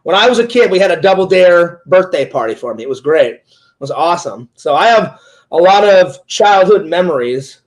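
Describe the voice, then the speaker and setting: A man's voice: high voice, lively intonation, normal speed. A talkative man interviewing a fellow streamer in casual chat, rambling through stories with many "like"s and "he goes"s.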